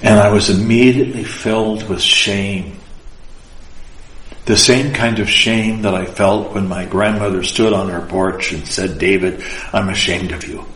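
Orthodox priest, man, unhurried earnest storytelling, echoey room. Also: lowish voice, steady tone, a bit bright. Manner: slow, deliberate, earnest and emotional. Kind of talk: personal spiritual storytelling. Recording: roomy echo.

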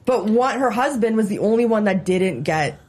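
A woman's voice: mid-range voice, lively intonation, moderate pace, a little mellow. A woman co-hosting a podcast, telling a story in casual chat and laughing often.

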